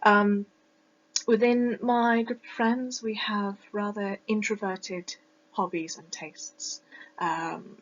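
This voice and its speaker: A woman's voice: mid-range voice, steady tone, takes it slowly. A woman with a British received pronunciation accent, giving a reflective personal presentation with frequent ums and restarts. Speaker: student presenter. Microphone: close mic that sometimes distorts. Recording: dull lo-fi home recording.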